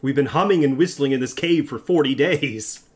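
A man's voice: mid-range voice, moderate pace. A man streaming a game, screaming and swearing in panic with theatrical outbursts and dry jokes. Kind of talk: live gameplay commentary.

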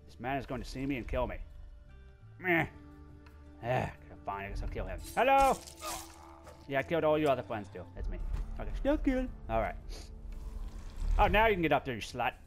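Playful, lively man narrating gameplay. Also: medium pitch, fairly quick, pauses often, faint music behind. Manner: playful, talks to the game, squeals and laughs. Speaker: gameplay video host. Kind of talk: let's play commentary.

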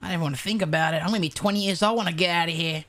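A woman playing a brash young male outlaw, cursing through an animated roleplay story. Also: on the low side, racing, voice pushed down, close to an everyday voice. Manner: swears constantly, animated storytelling. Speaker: roleplay streamer.

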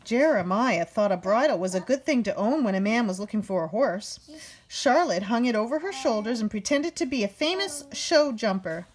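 Woman, storybook reader, high voice, very lively pitch, acts out characters. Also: moderate pace, a little hiss or hum. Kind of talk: reading a picture book aloud.

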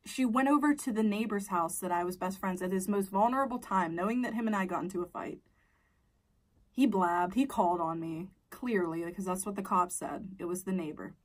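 A woman's voice: medium pitch, recorded from a distance. A young adult woman telling a personal story in a casual storytime vlog, candid and swearing, sometimes dropping into a whisper. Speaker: vlogger.

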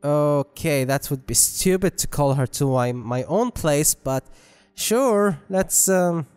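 A man's voice: a little high, lively intonation, slow, darkish tone, smooth. A man commentating on gameplay, joking and rambling with self-mocking asides. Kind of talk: let's play commentary. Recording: long reverb with game music.

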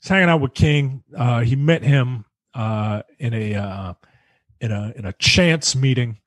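A man hosting a casual film review podcast, recapping scenes in a halting way with many ums and uhs. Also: medium pitch, no room sound.

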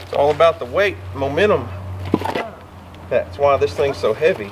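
Gentle Oklahoma homestead dad, higher voice. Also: male voice, moderate pace, noisy background. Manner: gentle, coaxing, teasing. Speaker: homesteading vlog host and father. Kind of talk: casual outdoor vlog chat. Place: outdoors on a rural homestead. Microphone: camera-mounted shotgun mic.

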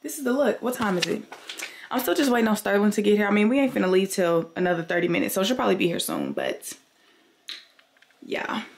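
A woman chats casually into her camera from her bedroom at home. Her voice sits in a middle pitch, and she keeps talking straight to her viewers. She calls them y'all as she goes. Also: sing-song, fast talker, a little hiss or hum. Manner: chatty, addresses viewers as y'all. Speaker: vlogger. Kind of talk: casual vlog chat to camera.

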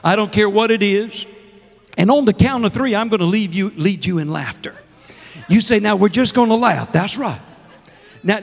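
Exuberant high-voiced preaching man. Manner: exuberant, laughs often, calls out to the congregation. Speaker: guest minister. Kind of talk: sermon. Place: church sanctuary. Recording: long church reverb.

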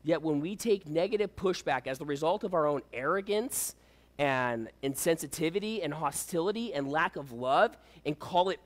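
Animated man preaching a sermon. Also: sits high. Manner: animated, preaching with rhetorical questions. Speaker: pastor.

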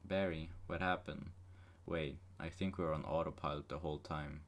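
A man reads a full film script aloud as a deadpan joke. His voice sits extremely low and flat, with no emphasis anywhere. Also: normal speed. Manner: monotone, unexpressive. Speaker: script reader. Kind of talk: deadpan comedic script reading.

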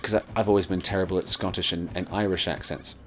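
A man's voice: low voice, fairly even intonation, fast, slight background noise. A man hosting a casual let's play, rambling with lots of fillers and swearing. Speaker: gaming channel host.

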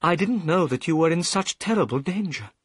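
A man voicing a gentle, caring young woman in a lighter, raised voice in a storybook reading. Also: fairly high pitch, lively intonation, brisk, breathy edge, no echo, clean studio sound, voice pushed up. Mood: concerned.

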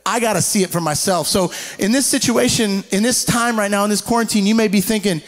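Guy preaching a sermon, pretty high voice, animated, slows down for bible verses. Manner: animated preaching, voices quoted people in higher tones, slows down for scripture. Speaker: pastor.

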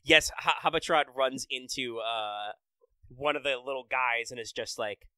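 Bright, crisp-voiced man breaking down game details. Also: medium pitch, unhurried, no echo, low-quality recording. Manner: enthusiastic, detailed game analysis with fillers. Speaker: podcast host. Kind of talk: casual podcast chat about a mobile game.

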